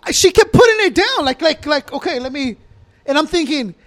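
A man's voice: very high voice, expressive, a little fast, a bit bright. A man co-hosting a podcast in casual chat, joking crudely and often restarting his sentences. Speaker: podcast co-host.

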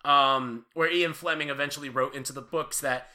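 A man hosting a podcast in loose, joking conversation. His voice is bright and forward and sits at a middle pitch, and he rambles from one point to the next. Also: fairly even intonation, moderate pace. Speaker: podcast host. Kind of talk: casual chat.

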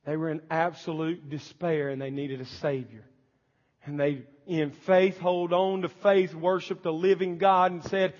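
Male pastor, fervent pulpit delivery, pitched high, dull sermon tape in a reverberant church. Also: little pitch movement, measured pace. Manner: impassioned preaching, acting out pleading prayers. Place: church sanctuary.

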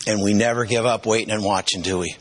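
A man's voice: lowish voice, fairly even intonation, fast, a little hiss or hum, poor audio. A middle-aged man preaching a sermon, telling personal stories with emotional, repetitive emphasis. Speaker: pastor.

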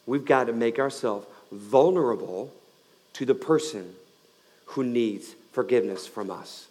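A man's voice: medium pitch, animated, long reverb tail. Man preaching with dramatic swings. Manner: dynamic preaching, swinging between loud emphasis and quiet, slowed lines. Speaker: pastor. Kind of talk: sermon.

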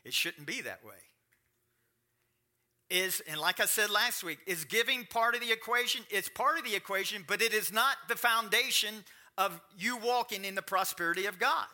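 Middle-aged guy pastor preaching, super sharp bright voice, a bit high, talks casual then punches it up. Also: expressive, moderate pace. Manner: conversational, swinging to rising emphatic preaching. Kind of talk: sermon.

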